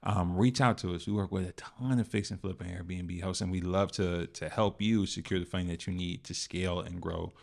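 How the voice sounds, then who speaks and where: A man hosting a business podcast, talking in a relaxed, rambling way with lots of fillers. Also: deep voice, fairly quick, gravelly, few pauses. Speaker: host. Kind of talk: casual podcast chat.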